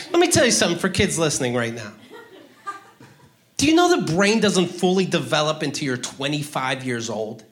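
A man doing a stand-up comedy routine, ranting profanely with sudden loud outbursts. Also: on the high side, sing-song, a little fast.

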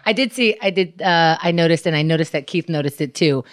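A woman's voice: deep voice, fairly quick. A woman co-hosting a podcast, teasing the others wryly in casual banter. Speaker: podcast co-host.

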